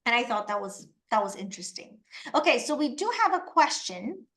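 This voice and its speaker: A woman from Panama, presenting a webinar and telling lively personal anecdotes. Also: on the high side, brisk. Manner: animated storytelling, acts out quoted voices.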